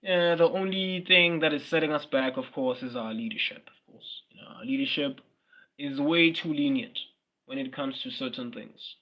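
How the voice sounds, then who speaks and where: A man's voice: mid-range voice, moderate pace, bright, forceful tone. A young South African man, a Swati speaker, chatting casually on a livestream, blunt and slangy, often repeating his words and answering viewers' comments. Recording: dull lo-fi stream audio.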